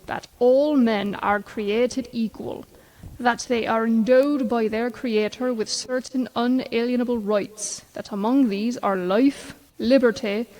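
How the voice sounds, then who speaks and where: A woman giving a measured, declaiming recited reading in a reconstructed 18th-century American colonial accent. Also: fairly high pitch, darkish tone, poor audio. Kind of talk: recorded recitation.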